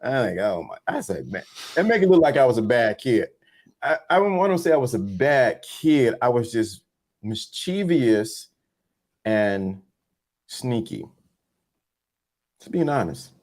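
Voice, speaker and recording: A man's voice: mid-range voice, measured pace, long pauses. A man, co-hosting a podcast and telling stories while he acts out the voices of the people in them. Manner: animated storyteller acting out voices. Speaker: podcast co-host. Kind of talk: casual storytelling chat.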